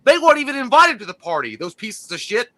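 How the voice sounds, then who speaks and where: A man with a very high, lively voice, joking and swearing playfully as a livestream co-host. A crowd murmurs clearly behind him. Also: fast talker. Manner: jokey, loud, swearing, playful. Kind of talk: profane livestream chat.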